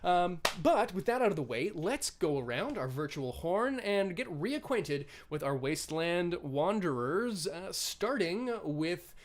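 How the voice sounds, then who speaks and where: A man's voice: sits high, very animated, measured pace, hardly any pauses, a little hiss or hum. A man hosting a tabletop game livestream, chatty with many fillers, speaking over a video call. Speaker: game master and host. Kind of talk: livestream host announcements.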